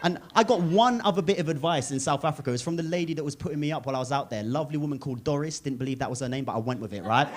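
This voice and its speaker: A man's voice: fairly high pitch, very fast, few pauses. A man in his twenties from England doing live stand-up in a comedy club, teasing the crowd and swearing freely. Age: 20s. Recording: noisy live club recording. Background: audience laughter.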